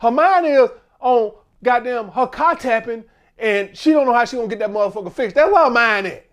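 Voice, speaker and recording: Profane, high-pitched American man ranting. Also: brisk. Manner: blunt, profane, animated rant. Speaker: dating advice host. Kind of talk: casual monologue.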